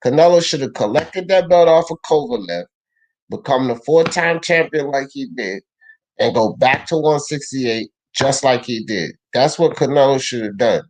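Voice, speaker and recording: A young man hosting a casual live boxing talk stream, reading the chat out loud, answering it, and arguing in slang. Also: medium pitch, moderate pace, poor audio. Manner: animated, slangy, argues with chat.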